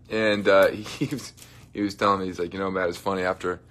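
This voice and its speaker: A young livestream host chats with viewers from his dressing room, reading comments and joking in a playful way, with occasional soft mumbling. His low voice sounds animated and moves at a normal speed.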